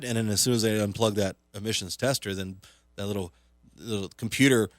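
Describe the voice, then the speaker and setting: A man's voice: on the low side, brisk, dry recording, studio quality. Sarcastic, rambling male radio host. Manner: sarcastic, self-mocking, rambling with fillers. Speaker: talk radio host and comedian. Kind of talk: casual comedic radio monologue.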